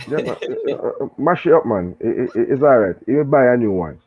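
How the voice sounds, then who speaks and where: A man with a Jamaican accent chatting casually about football, animated and full of patois banter. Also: mid-range voice, fairly quick, slightly rough. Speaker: show guest and pundit. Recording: tinny phone line.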